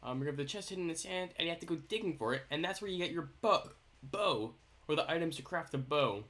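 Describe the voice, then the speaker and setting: A man's voice: fairly high pitch, lively intonation, fast, fairly bright tone. A young man hosting a casual let's-play commentary, chatting in a goofy, playful, jokey way as he builds. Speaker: gaming YouTuber host.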